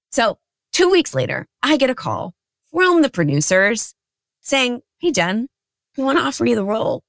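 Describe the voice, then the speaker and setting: Woman, podcast host, slightly low voice, chatty, self-deprecating, dead dry recording. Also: dry recording. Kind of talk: casual storytelling monologue.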